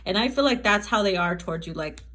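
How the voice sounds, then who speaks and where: A woman's voice: mid-range voice, animated, fast talker, a bit bright. A woman giving a casual tarot reading to camera, chatty and profane, often laughing and acting out quotes. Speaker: tarot reader.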